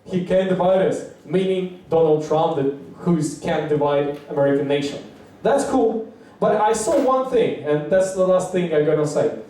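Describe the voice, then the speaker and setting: A man's voice: normal speed, mellow. Profane rambling comedian man. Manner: rambling, profane, acts out quotes in high voices. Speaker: stand-up comedian. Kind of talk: open-mic stand-up. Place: small comedy bar. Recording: echoey room from far off.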